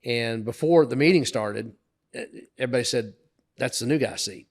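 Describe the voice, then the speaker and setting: A middle-aged man of middle pitch, co-hosting a podcast and spinning stories from his working life. He talks casually, with fillers, and jumps higher and louder when he plays the bosses he quotes. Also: normal speed. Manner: lively anecdotes, raising his voice to act out quoted bosses. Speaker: podcast co-host. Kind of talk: casual storytelling chat.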